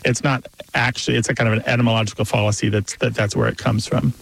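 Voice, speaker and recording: A man co-hosting a radio call-in show about language, relaxed and conversational. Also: medium pitch, vocal fry, rough recording. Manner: relaxed and conversational, quick to laugh.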